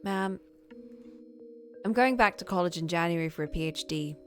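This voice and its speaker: A woman's voice: fairly low pitch, lively intonation, moderate pace, fairly bright tone, faint music behind. A woman reading the lines of a tired, stubborn young woman arguing with her mother. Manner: tired, defensive replies. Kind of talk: reading game dialogue aloud.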